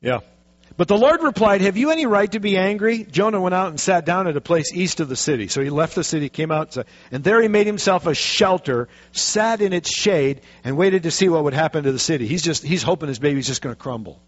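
A man preaching a sermon, telling a story with lively, animated delivery and acting out the quotes. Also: a little high, brisk. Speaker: pastor. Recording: dull lo-fi recording.

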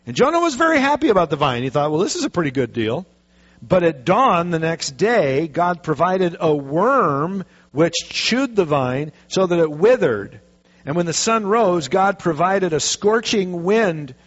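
A man preaching a sermon, telling a story with lively, animated delivery and acting out the quotes. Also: sits high, measured pace. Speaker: pastor. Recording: dull lo-fi recording.

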